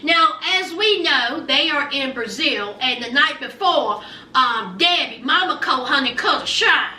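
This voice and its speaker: A woman recaps reality TV in a sassy, animated chat, addressing her viewers directly. Her voice is high and very bright. She sits a little back from the mic in an echoey room with a faint hum of background noise. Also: unhurried, far from the mic. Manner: sassy, animated storytelling, calls the viewer "child" and "honey". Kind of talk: casual chatty recap.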